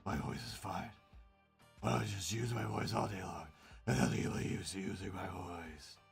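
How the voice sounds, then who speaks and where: A man's voice: low-pitched, moderate pace, gravelly, faint music behind. A man voicing Milo, a self-obsessed, easily enraged male cartoon mascot who rants and boasts. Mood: smug. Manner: ranting, boastful.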